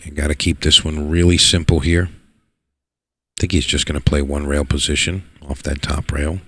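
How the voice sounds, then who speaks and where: A man giving live play-by-play commentary on a pool match, excitable and repeating words for emphasis. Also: rumbling low, normal speed, breathy edge, no room sound. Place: pool hall.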